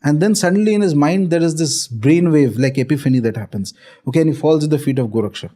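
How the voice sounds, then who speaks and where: A man's voice: a little high, quick pace, dark tone. A man with an Indian accent, a spiritual author, explaining ideas and telling a story on a podcast with many fillers and Hindi asides.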